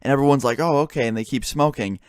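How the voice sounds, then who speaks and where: A young man rattles through a story at a quick clip, in a voice of middling pitch that sits close and dry on the mic. He swears freely and slips into the voices of his friends as he retells it. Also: smooth, no echo. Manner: swearing, animated retelling with quoted dialogue. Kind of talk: casual storytelling.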